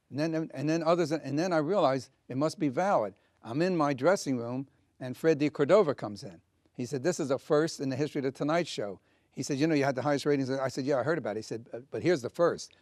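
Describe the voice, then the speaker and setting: A man's voice: medium pitch, brisk, dry recording, clean studio sound. An older man, a comedian, recalling old stories earnestly in an interview and acting out the dialogue. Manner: earnest storyteller with quoted dialogue. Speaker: comedian guest. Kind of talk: interview reminiscence.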